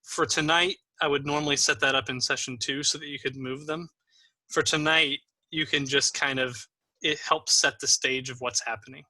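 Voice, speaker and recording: A man's voice: mid-range voice, steady tone, normal speed, sharp tone, no echo. A man acting as game master, patiently explaining the game and encouraging new players, with frequent ums.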